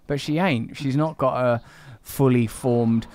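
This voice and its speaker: A man, hosting a relaxed interview in a wry, reflective way. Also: medium pitch, measured pace. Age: 40s. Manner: wry, reflective, swears casually. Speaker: podcast host. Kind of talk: casual conversation.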